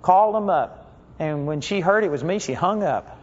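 A man preaching a sermon, telling stories earnestly and slowing down to stress key phrases. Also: sits high, animated. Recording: dull audio with long hall reverb.

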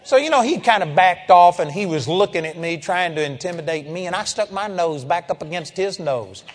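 A man preaching, telling a story in an animated, emphatic way and calling out amen. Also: sits high, fairly quick, big-room sound. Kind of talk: storytelling sermon.

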